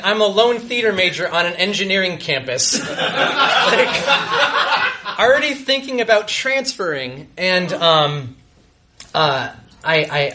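A young man telling a self-mocking comic story on a live stage, halting and restarting as he goes. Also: on the high side, bright, forceful tone, slight background noise. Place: live show before an audience.

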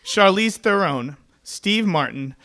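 High-voiced man telling comic stories. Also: lively intonation, slow pace, sharp tone. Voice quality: tenor voice. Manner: wry, self-mocking comic delivery. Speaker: storyteller. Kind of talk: comedic live storytelling. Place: small stage venue before an audience.

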